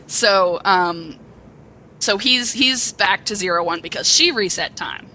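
Excitable young woman with a bright voice. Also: mid-range voice, measured pace, slight background noise, poor audio. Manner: excitable, rambling plot retelling with acted quotes. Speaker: podcast co-host. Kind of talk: casual chat.

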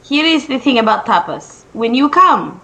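A woman's voice: fairly high pitch, big pitch swings, moderate pace, sharp tone. A woman chatting casually and playfully, agreeing eagerly. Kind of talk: casual chat.

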